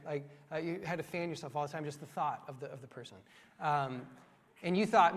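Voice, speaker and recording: A young male pastor preaching a sermon in a church, lively and joking with quick asides to his congregation. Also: a little high. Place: church sanctuary. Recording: long church hall reverb.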